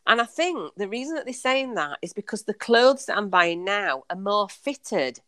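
A woman's voice: medium pitch, sing-song, normal speed, bright, forceful tone, no room sound. A woman, a podcast guest, talking chattily and enthusiastically with many fillers and restarts. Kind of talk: casual conversational storytelling.

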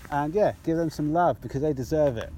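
A man's voice: a little high, fairly quick, warm tone, a little hiss or hum. Rambling, laughing British man. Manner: rambling, laughs often, stumbles over words. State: drunk. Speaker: podcast co-host. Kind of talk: casual chat.

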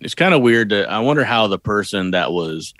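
A man's voice: lowish voice, animated, brisk, a bit bright, dry recording. A man co-hosting a podcast who discusses a movie with dry, matter-of-fact remarks. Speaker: podcast co-host.

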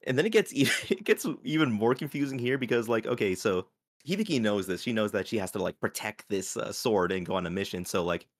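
A man's voice: on the low side, animated, fairly quick, dry recording, clean studio sound. Male podcast host, rambling casual anime chat. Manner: rambling, filler-heavy, laughs often.

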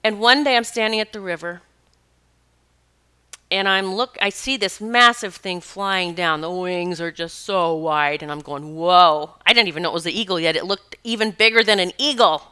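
A spiritual teacher tells stories in a casual monologue, animated and emphatic, often breaking into laughter. Her voice is smooth and medium-pitched, at a moderate pace.

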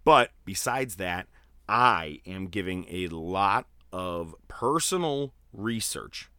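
A man co-hosting a podcast in casual, animated chat, swearing and laughing easily. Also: low voice, slow pace, clean tone, dry recording, studio quality. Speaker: podcast co-host.

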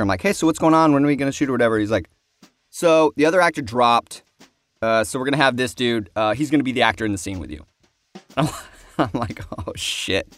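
A man's voice: on the low side, no room sound. A young man casually telling a story about a film shoot, acting out other people's lines.

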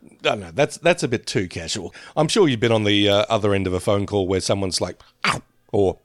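A man's voice: on the low side, fast talker, dry recording, clean studio sound. A man co-hosting a podcast, chatting casually about a sitcom in a rambling, laugh-prone way. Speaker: podcast co-host. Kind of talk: casual chat reviewing a sitcom.

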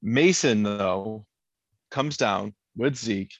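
Podcast co-host, man, lively recap talk, dry and slightly muffled sound. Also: fairly low pitch, very slow, no room sound. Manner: animated, laughs often, acts out quotes. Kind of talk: casual chat recapping a TV episode.

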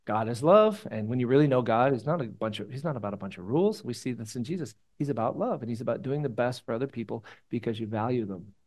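A man's voice: mid-range voice, expressive, fast, hardly any pauses, darkish tone. A man, a pastor, gives a conversational sermon in a church meeting room, rambling and casual with sudden emphatic rises.

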